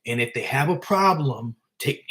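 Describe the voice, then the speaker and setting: A gruff middle-aged mobster from a pizzeria, barking and streetwise, as a storyteller puts him on. He snaps short orders like someone used to being obeyed, always in a plainly spoken retelling. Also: mid-range voice, expressive, normal speed, fairly bright tone, lightly acted. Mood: commanding.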